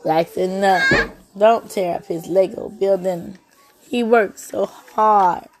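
A woman, hosting a casual family podcast and gently coaxing and scolding her children at home. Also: mid-range voice, slow pace, background noise. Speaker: podcast host and mother.

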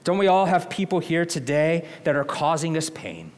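A pastor preaching a sermon in an earnest, conversational way, often asking the congregation questions. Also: male voice, a little high, expressive, moderate pace.

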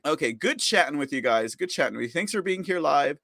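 A man's voice: fairly high pitch, lively intonation, fairly quick, creaky, fairly bright tone, dry recording, clean studio sound. A man hosting a live podcast, rambling casually, mocking his targets with frequent laughs and reading viewer comments aloud. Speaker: podcast host.

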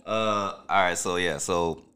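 A young man with a fairly low voice co-hosts a casual podcast chat. He jokes in a laid-back way and uses plenty of slang and swearing. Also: fairly even intonation, measured pace, bright, forceful tone, clean tone. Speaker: podcast co-host.

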